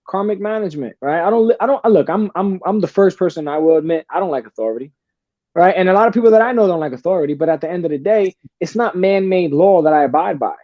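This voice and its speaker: A man's voice: sits high, expressive, fast talker, no echo, highs cut off. A man telling stories as a podcast guest in blunt, profane casual talk, often calling the host brother. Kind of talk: casual storytelling.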